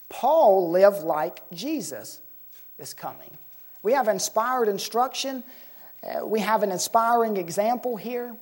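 A woman preaching a sermon, asking the congregation questions and slowing down to stress key words. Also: mid-range voice, expressive, darkish tone, husky.

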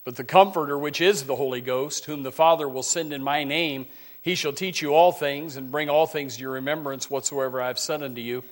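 Fervent preacher, loud then hushed. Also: male voice, on the high side, a little fast. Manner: many restarts and repeated words; reads scripture in old-fashioned wording. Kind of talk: sermon.

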